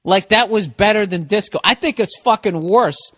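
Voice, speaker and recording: A man's voice: high-pitched, moderate pace, fairly bright tone, no echo, studio quality. A man hosting a solo comedy podcast, ranting in a profane, sarcastic, rambling way.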